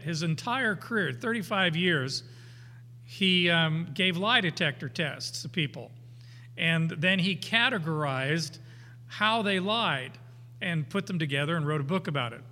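Unhurried older man teaching scripture. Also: on the high side, sharp tone. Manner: folksy, unhurried, with anecdotes and chuckles; emphatic when reading scripture aloud. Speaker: Bible teacher. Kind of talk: verse-by-verse Bible teaching. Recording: hall reverb.

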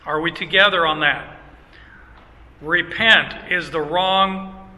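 A man's voice: on the high side, fairly even intonation, slow pace, pushed and bright, big-room sound, rough recording. An older Canadian man, a pastor, teaching a sermon in a conversational way with chuckling asides and frequent restarts.

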